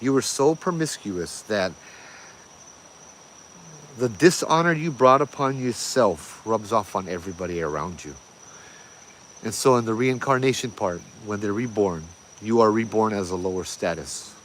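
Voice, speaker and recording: A man with a Hawaiian Pidgin accent, casually telling ghost legends with lively, laughing asides. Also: lowish voice, moderate pace, a little hiss or hum. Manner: animated, laughing, pidgin phrasing. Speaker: ghost story host. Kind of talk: casual storytelling.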